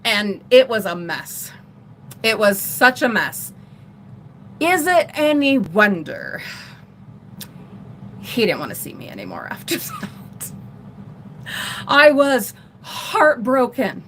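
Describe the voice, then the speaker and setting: A middle-aged woman vlogger telling a personal story in a rambling, animated way on a casual livestream. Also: mid-range voice, slow pace, pauses often, slight background noise. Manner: rambling, animated retelling with laughs.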